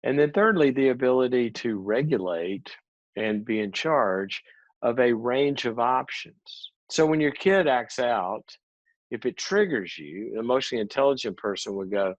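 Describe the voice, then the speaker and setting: Man, conversational teacher, lively storytelling, dry close sound, a bit muffled. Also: fairly low pitch, normal speed, no room sound. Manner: animated storyteller, acts out quoted dialogue. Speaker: psychologist and speaker.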